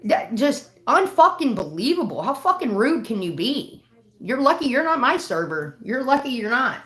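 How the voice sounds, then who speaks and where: A woman's voice: high voice, sing-song, moderate pace, fairly bright tone. A woman livestreaming, telling a heated story in casual, profane bursts. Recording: roomy echo.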